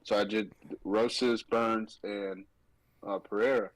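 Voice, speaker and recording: A man's voice: lowish voice, slow, no echo, low-quality recording. Sarcastic male podcast host. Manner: animated, mocking, quotes people in sarcastic voices. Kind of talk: casual sports betting chat.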